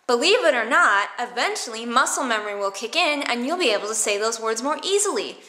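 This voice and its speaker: A woman teaching theatre vocal warmups in a playful, silly way, exaggerating her mouth movements. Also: on the high side, lively intonation, brisk. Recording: echoey room.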